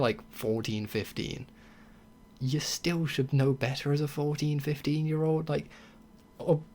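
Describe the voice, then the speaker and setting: A man's voice: medium pitch, a little mellow, slight background noise. A young man hosting a casual solo podcast, talking bluntly with swearing and sarcastic mocking asides. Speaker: podcast host.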